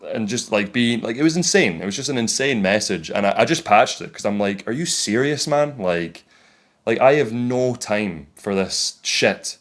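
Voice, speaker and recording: A young man telling a story to camera in a casual vlog. He rants in a frank, exasperated way and leans hard on "like" as filler. His voice sits a little low for a man. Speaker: tradesman vlogger.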